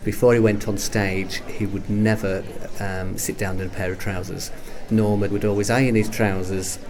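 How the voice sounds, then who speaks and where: A man's voice: on the low side, flat delivery, moderate pace, crowd noise. A man telling amused anecdotes in an interview. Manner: storytelling, amused.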